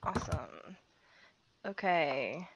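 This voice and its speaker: A woman playing a tabletop game, speaking in a relaxed, easygoing way. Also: on the low side, very slow, slight background noise. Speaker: player. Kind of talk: tabletop role-play chat. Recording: dull lo-fi mic.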